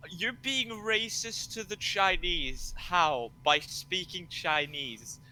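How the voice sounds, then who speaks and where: Male co-host, bright, animated, slow, faint rumble. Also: poor audio. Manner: mocking, animated. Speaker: stream co-host. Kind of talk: casual stream banter.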